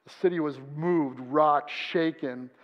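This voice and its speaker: Male pastor, high-pitched voice, earnest sermon delivery, dull sound with a long church reverb. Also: slow pace. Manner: earnest preaching, acts out quoted voices. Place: church sanctuary.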